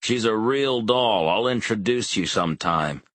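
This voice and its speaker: A man voicing a blunt elderly father who barks in a booming voice. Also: lively intonation, a little slow, fairly bright tone, dry recording. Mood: gruff. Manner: booming, barking.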